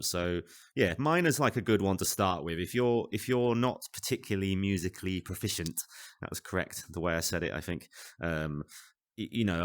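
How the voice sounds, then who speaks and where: A man hosts a casual tutorial for a VR music app at home. He talks into a desk microphone in a chatty, rambling, self-deprecating way, with many asides. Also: deep voice.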